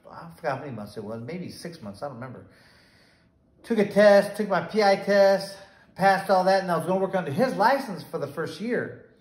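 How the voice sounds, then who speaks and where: Older man, animated storyteller, roomy sound. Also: high-pitched, brisk. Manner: animated, acts out quoted voices. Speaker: retired boxer, podcast guest. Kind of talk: casual storytelling. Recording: roomy echo.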